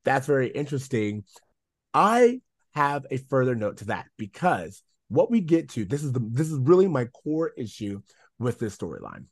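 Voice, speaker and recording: A man's voice: mid-range voice, huge pitch swings, normal speed, breathy edge, no echo, clean studio sound. A man co-hosting a casual podcast chat, giving firm opinions and laughing easily. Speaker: podcast co-host.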